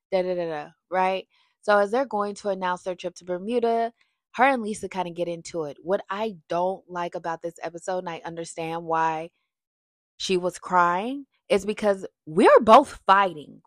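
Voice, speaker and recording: A woman giving a casual, chatty review of a reality TV episode, getting loud and animated when she is worked up. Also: fairly low pitch, no echo.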